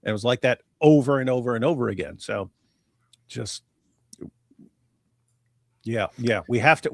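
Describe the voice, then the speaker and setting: A man's voice: lowish voice, vocal fry, no room sound, studio quality. Emphatic man on a live stream. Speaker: co-host.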